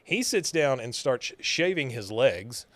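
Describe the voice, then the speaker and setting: A man's voice: medium pitch, sing-song, takes it slowly, a bit bright, dry recording. A man with a mid-range voice casually retells a cartoon episode for a podcast, chuckling and dropping easy fillers. His voice is close and bone-dry, with no room sound. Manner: laughs through retelling scenes, many uh fillers. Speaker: podcast co-host.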